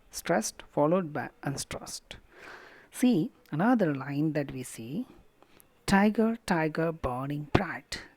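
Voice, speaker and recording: Slow, low-voiced Indian English teacher. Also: female voice, creaky, breathy edge, no room sound. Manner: slow, emphatic, sounding out syllables, drops to a whisper on quiet words. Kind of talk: recorded lecture.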